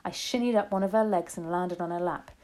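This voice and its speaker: A woman reading a children's novel aloud in a steady, gentle storytelling manner. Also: fairly low pitch, fairly quick. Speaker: reader.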